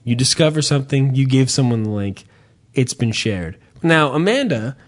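A podcast host swears freely as he rambles through a story in a casual chat, hesitating, repeating himself and restarting often. His mid-range voice has lively intonation and a moderate pace.

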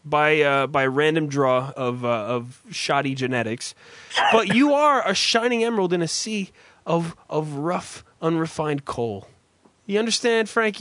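A man hosting a comedy podcast, teasing and exasperated, loud and profane. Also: high voice, dry recording. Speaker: podcast host.

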